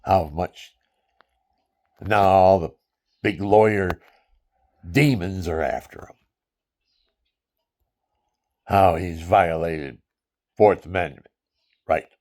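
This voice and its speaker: A man's voice: sits low, takes it slowly, long pauses, darkish tone. A man in his seventies, a veteran, talking in a rambling, digressive way with chuckles at his own asides. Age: 70s. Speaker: veteran speaking his mind. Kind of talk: rambling casual monologue.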